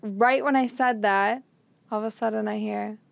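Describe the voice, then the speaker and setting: A woman's voice: medium pitch, steady tone, normal speed, creaky, no echo. A young woman co-hosting a casual faith podcast, telling personal stories with frequent giggles and emotion. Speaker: podcast co-host.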